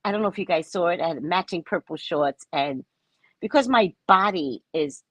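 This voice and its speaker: A woman's voice: lowish voice, expressive, moderate pace, dry recording. A woman host telling a personal story in casual talk, acting out both sides of the dialogue. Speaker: podcast host.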